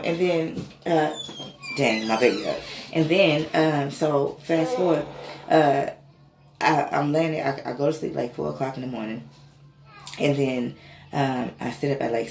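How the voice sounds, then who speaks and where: A woman's voice: rumbling low, vocal fry, darkish tone. A woman vlogger casually telling an emotional spiritual story, swearing and rambling with many fillers. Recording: echoey room, faint ambient noise.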